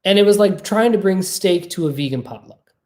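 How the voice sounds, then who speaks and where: A podcast host speaking in a relaxed, conversational way, sprinkling in fillers and asking "right?" now and then. The host tells personal stories with animation and acts out both sides of remembered conversations. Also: medium pitch, a little fast. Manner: animated storytelling, acting out quoted exchanges. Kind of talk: casual monologue.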